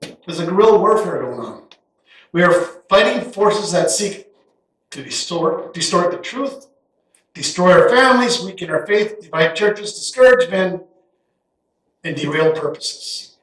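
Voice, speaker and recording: A middle-aged man giving a folksy, animated guest sermon in a church sanctuary, acting out Bible characters in quick asides. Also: sits high, distant mic. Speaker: guest pastor. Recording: echoey church hall, voice heard from afar.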